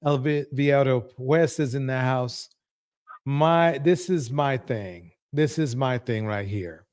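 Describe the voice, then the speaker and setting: A man's voice: mid-range voice, slow pace, darkish tone, clean tone. A man hosting a live talk stream, asking his panel pointed questions. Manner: probing, asks pointed questions.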